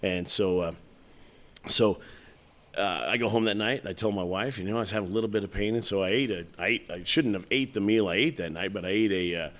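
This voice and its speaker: A man's voice: lowish voice, a little fast, fairly bright tone. A man casually telling a long personal story as a podcast guest, rambling and acting out the dialogue. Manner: rambling, full of restarts and quoted dialogue.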